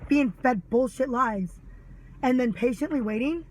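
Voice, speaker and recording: A woman's voice: a little high, a little slow, rough recording. A mother ranting angrily to camera, sarcastic and full of swearing. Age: adult mother. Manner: heated, sarcastic, swears a lot. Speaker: vlogger. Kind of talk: angry ranting monologue.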